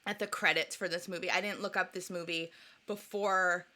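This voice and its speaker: A woman co-hosting a podcast in casual chat, animated and joking as she rambles into her microphone. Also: lowish voice, moderate pace. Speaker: podcast co-host.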